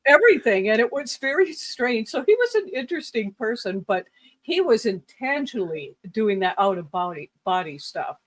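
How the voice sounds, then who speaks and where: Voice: mid-range voice, sing-song, moderate pace, fairly bright tone. Rambling, laughing podcast storyteller. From lived in the southwestern US. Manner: rambling anecdotes with frequent fillers and laughs. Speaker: podcast co-host. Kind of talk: casual storytelling chat.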